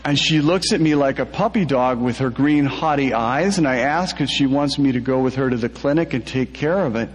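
A man's voice: medium pitch, fairly quick, few pauses, in a large hall, a little hiss or hum. A man reading a first-person story aloud, laughing through the telling.

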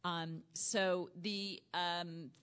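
A woman's voice: lowish voice, flat delivery, drawn-out words, fairly bright tone, clean tone. A woman hosting a live onstage interview with an audience, chatty and laughing, with many ums. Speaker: event host and interviewer.

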